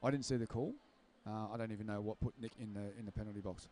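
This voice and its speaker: A man's voice: lowish voice, fairly even intonation, fast, warm tone. A man giving live roller derby commentary, chatty and joking at his own expense. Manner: chatty, jokey, self-deprecating, ad-libbing. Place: sports venue.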